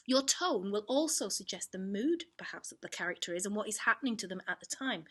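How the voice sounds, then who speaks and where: A woman teaching an online drama lesson, explaining clearly and demonstrating examples with her voice. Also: mid-range voice, bright, forceful tone. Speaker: performing arts teacher.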